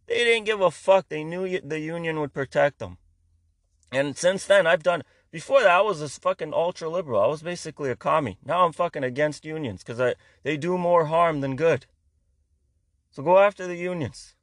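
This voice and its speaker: A man's voice: a little high, moderate pace, no echo. Foul-mouthed man ranting. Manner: heavy swearing, rambling, sarcastic. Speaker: comedian. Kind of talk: profane comedic rant monologue.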